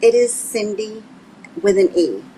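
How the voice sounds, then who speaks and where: A woman's voice: mid-range voice, animated, unhurried, warm tone, slight background noise, rough recording. A woman calling in as a guest, polite and a little hesitant in casual chat. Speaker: caller guest.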